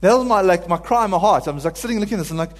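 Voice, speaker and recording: Man, preacher, slightly high voice, earnest and heartfelt, long hall reverb. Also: animated, rapid-fire. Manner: earnest, builds to pleading cries when quoting. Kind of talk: informal sermon.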